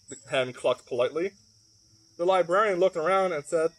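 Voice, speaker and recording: A man's voice: on the high side, normal speed, a little hiss or hum. A man reading a children's picture book aloud, with playful, chatty asides to the young listeners at home. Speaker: library storyteller. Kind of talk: children's story read-aloud.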